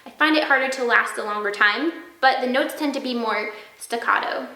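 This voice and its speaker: A woman flute teacher walks through the technique step by step, speaking clearly and sounding out practice syllables. Her voice sits a little high and comes across crisp and bright. She is recorded in a room with a noticeable echo. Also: brisk, a little hiss or hum. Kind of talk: instructional video lesson.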